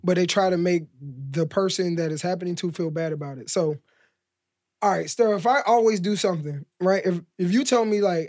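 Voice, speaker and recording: High-voiced man in casual podcast chat. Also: fairly quick, darkish tone. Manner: rambling, heavy use of "like", acts out quoted exchanges. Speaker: podcast co-host.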